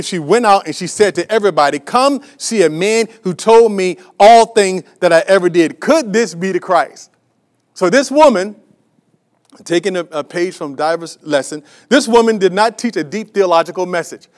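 High-voiced preaching pastor, emphatic. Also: male voice. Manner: emphatic, repetitive preaching with many restarts and fillers; addresses the congregation directly with rhetorical questions. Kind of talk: sermon.

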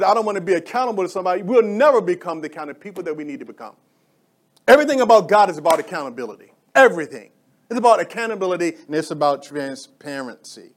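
A man preaching a sermon in church as pastor, energetic and excitable, calling out to the congregation for responses. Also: fairly high pitch.

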